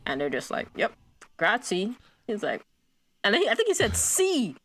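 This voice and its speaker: An American woman co-hosting a casual movie podcast, animated and acting out quoted lines. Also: fast, slight background noise. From United States. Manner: animated, acts out quotes with big pitch jumps. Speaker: podcast co-host.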